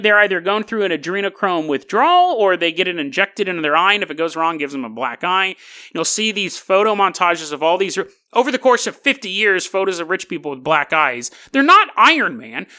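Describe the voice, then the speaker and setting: A podcast host giving a casual monologue in a joking, animated way, with frequent quick restarts. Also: mid-range voice. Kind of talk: casual monologue on conspiracy lore.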